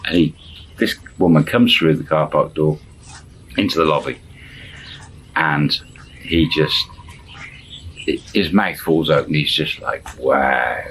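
A man's voice: a bass voice, takes it slowly, pauses often, a bit bright, a little hiss or hum, rough recording. A man telling a story in a casual spoken style, chuckling and acting out the dialogue in shifting voices. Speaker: storyteller channel host.

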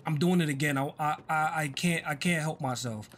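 Excitable man narrating his gameplay. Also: a little high, a little fast, a little hiss or hum. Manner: excitable, self-deprecating, chatty. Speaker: gaming streamer. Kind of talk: casual gameplay commentary.

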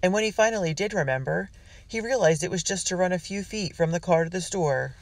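A man's voice: sits high, brisk. A man narrating a children's adventure story, reading steadily with small slips and restarts. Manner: reads with small slips and restarts, voicing characters. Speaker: audiobook narrator. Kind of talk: scripted narration.

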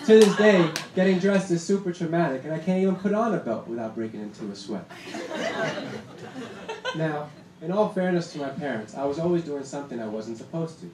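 A young man doing a stand-up set on a comedy club stage, punchy and deadpan, with laughter behind him. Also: on the high side, brisk. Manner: punchy deadpan delivery with acted-out quotes. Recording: roomy club sound with noise. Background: audience laughter.

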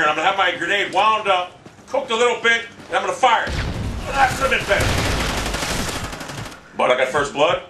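A man commentating his own shooter game match, ranting, swearing and yelling in frustration. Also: fairly high pitch, background noise. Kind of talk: live gameplay commentary. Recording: roomy, distant mic with loud game gunfire.

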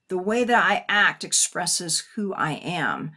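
Woman guest on a podcast, editor of a poetry book, talks fast and eager, lots of restarts. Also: fairly low pitch, big pitch swings, bright, forceful tone. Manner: quick, eager explaining with many restarts.

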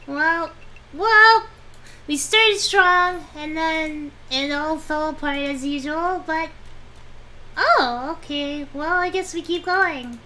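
A woman's voice: high-pitched, slow pace, pushed and bright. A young woman streaming a game, chatting to herself about her moves in a whiny, pleading way. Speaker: VTuber streamer. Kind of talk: casual game-stream commentary.

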